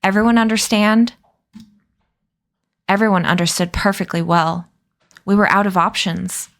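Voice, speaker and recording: A woman reading a novel aloud as a storyteller, in a calm, steady manner. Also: fairly low pitch, normal speed, gravelly.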